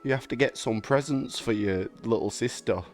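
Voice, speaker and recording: A man's voice: medium pitch, moderate pace, soft background music, natural voice. A man voicing an ordinary, plain-spoken village father. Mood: instructing.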